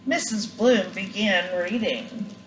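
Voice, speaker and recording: Slow, gentle grandmother reading aloud. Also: medium pitch, a little hiss or hum. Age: older. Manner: gentle, unhurried and expressive. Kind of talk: storybook read-aloud. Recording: roomy echo, faint ambience.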